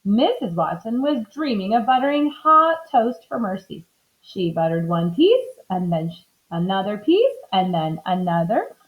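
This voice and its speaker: A woman reading a children's book aloud in an expressive, animated way. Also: medium pitch, measured pace. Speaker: storybook reader. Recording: slightly dull lo-fi recording.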